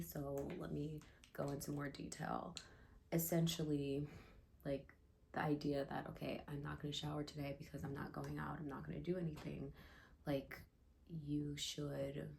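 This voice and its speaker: A woman vlogging at home in a casual, rambling chat, her voice a little raspy. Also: sits low, a little mellow, a little hiss or hum. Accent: New York. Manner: chatty, rambling, many "like"s.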